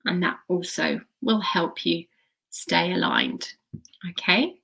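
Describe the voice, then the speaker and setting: A woman's voice: fairly low pitch, huge pitch swings, slow, vocal fry, sharp tone. A woman coach teaching to camera, speaking in an encouraging way and often checking in with her listeners. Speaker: intuition coach.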